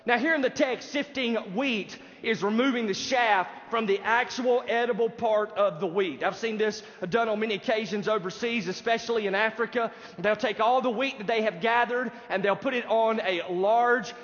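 Male pastor, emphatic sermon delivery, muffled lo-fi sound, high voice. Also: normal speed, fairly bright tone. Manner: emphatic preaching, addresses congregation directly. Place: church sanctuary. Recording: dull sound in a reverberant hall.

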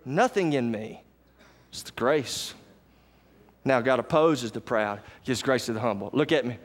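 Pastor preaching in an echoing hall. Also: male voice, normal speed. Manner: folksy, calls out to the congregation, swings from loud highs to low murmurs. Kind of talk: sermon. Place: church sanctuary.

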